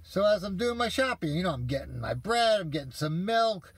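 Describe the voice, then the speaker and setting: Guy ranting to the camera, swearing a lot, kinda high voice, dry sound. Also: very animated, brisk, husky, no room sound. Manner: profane, exasperated storytelling. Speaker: vlogger ranting to viewers. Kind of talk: casual comedic rant.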